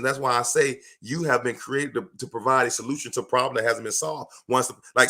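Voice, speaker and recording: A man giving a live motivational talk, emphatic and preachy, repeating his lines for effect and breaking into loud bursts of fervor. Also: fairly high pitch. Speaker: motivational speaker. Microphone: livestream microphone.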